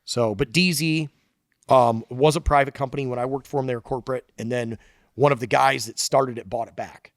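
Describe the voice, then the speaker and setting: A man's voice: medium pitch, fairly even intonation, brisk, dry recording, studio quality. A man talking as a podcast guest, a loose storyteller who swears casually. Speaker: guest engineer and shop founder.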